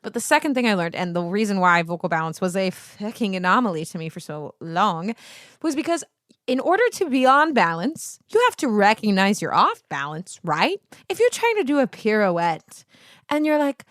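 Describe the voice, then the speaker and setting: A woman's voice: mid-range voice, moderate pace. A woman in her thirties who teaches singing, talking straight to her viewers in a loose, profane ramble. She keeps wandering off on tangents and mocking herself before getting back on track. Her voice sits in an ordinary middle range, and the sound is dry and close with no room echo. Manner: rambling, profane, easily sidetracked; animated, self-mocking asides. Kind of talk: casual vlog monologue.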